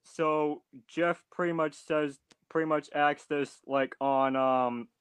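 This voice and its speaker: A man chats as a podcast guest, stopping and restarting his sentences often. His voice is smooth and clear and sits a little high. The sound is dry and close. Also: steady tone, slow pace, dry recording. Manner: hesitant, many restarts and fillers. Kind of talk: casual chat.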